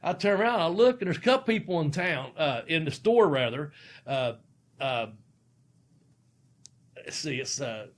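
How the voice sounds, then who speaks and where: A man's voice: a little high, animated, moderate pace, pauses often. A man hosting a podcast, telling a profane story and laughing through it. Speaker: podcast host, former wrestler. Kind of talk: casual storytelling.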